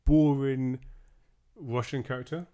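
A man's voice: mid-range voice, steady tone, slow, mellow, clean tone. Opinionated sarcastic man chatting about films. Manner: opinionated, sarcastic, mocks with put-on quotes. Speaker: podcast co-host. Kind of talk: casual film chat.

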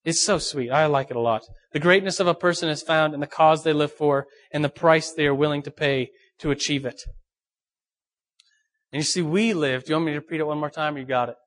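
A young man, a pastor, giving a lively, joking sermon and talking straight to his audience. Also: fairly high pitch, fairly quick. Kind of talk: youth sermon.

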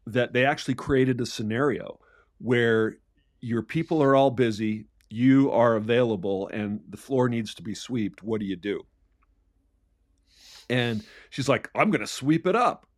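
A man hosting an interview, talking in a halting way and repeating words as he thinks. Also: medium pitch, no echo, studio quality. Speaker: podcast host. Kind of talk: conversational interview.

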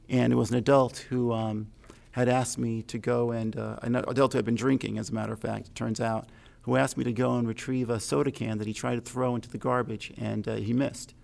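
A middle-aged man from New York telling a personal childhood story in a reflective, conversational way, often pausing and correcting himself. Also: medium pitch, vocal fry, a little mellow. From New York, USA. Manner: conversational, halting, self-correcting. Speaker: speaker sharing a personal story.

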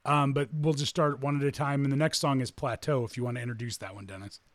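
A man hosting a casual music podcast, relaxed as he leads the talk from song to song. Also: mid-range voice, fast, dry recording. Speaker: podcast host.

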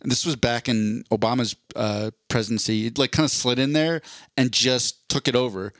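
A podcast co-host speaks at normal speed in a medium-pitched voice, captured as clean studio sound with no echo. Chatting casually, he gives long explanations, frequently rambling and starting his sentences over.

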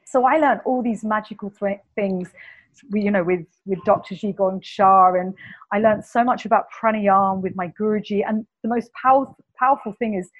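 A woman with a Cockney English accent, speaking as a guest healer in an enthusiastic, animated spiritual conversation. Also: mid-range voice, normal speed, highs cut off. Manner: animated, enthusiastic storyteller, repeats words.

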